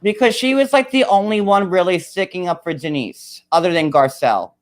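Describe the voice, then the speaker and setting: A man's voice: sits high, animated, fairly quick. A man hosting a casual chat, rambling with lots of fillers, with a New York area accent. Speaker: host.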